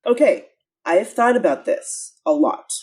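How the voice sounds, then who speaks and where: A woman's voice: medium pitch, lively intonation, normal speed, a little mellow, slightly rough. A woman co-hosting a podcast, chatting casually in an earnest way and laughing often. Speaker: podcast co-host. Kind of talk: casual chat.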